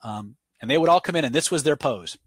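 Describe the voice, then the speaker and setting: A webinar instructor teaches live, answering viewer questions off the cuff and making his points through stories in a conversational way. His voice is on the high side, expressive and slightly rough, and he talks fast.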